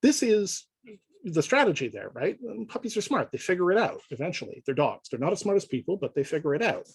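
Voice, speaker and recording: A man lecturing in a relaxed, conversational way, often checking in with his listeners as he explains. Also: fairly high pitch, fast, gravelly, slightly rough, dry recording, low-quality recording. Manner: conversational, checks in with frequent "right?". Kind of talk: informal lecture.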